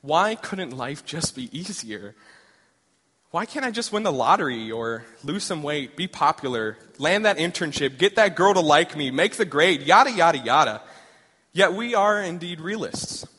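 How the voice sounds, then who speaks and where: A young male preacher delivering a sermon in an easy, conversational way, piling up rhetorical questions. His voice is bright and slightly high, and the sound carries a long hall reverb. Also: expressive, moderate pace, husky. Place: large church hall. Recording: echoey hall.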